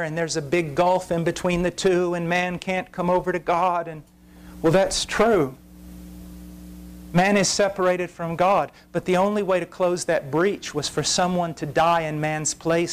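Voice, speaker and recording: A man preaching an intense, impassioned sermon that rises to shouts at its peaks. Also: sits high, slight background noise. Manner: intense, rising to shouts at climaxes.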